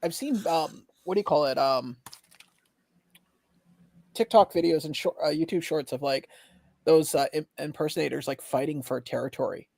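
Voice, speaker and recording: A man's voice: fairly high pitch, moderate pace, vocal fry, long pauses, darkish tone, dry recording. A man co-hosting a casual livestream chat, joking and laughing a lot as he tells stories. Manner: jokey, laughs often, puts on funny voices in anecdotes. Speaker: livestream co-host.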